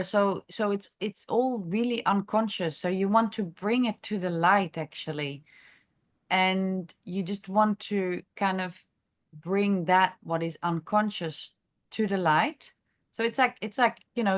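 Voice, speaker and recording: A woman who is a chiropractor, leading a masterclass discussion in an unscripted, halting way, thinking aloud with many fillers and restarts. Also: mid-range voice. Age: adult, has a grown daughter. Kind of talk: unscripted teaching talk.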